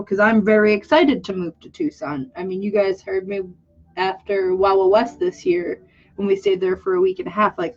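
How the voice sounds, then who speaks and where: A young woman chats casually to her viewers while she works on a drawing. She rambles candidly and pokes fun at herself, stops and restarts her sentences, and sounds a little teary. Her voice sits at a middling pitch, and the audio is slightly muffled and lo-fi. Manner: rambling, candid, self-mocking, with many restarts. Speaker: vlogger and artist.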